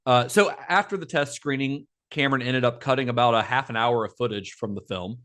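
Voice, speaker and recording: A man's voice: medium pitch, brisk, a bit bright. Man chatting about film history. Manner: explains film history at length, laughs easily. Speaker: podcast co-host. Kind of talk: casual film podcast chat.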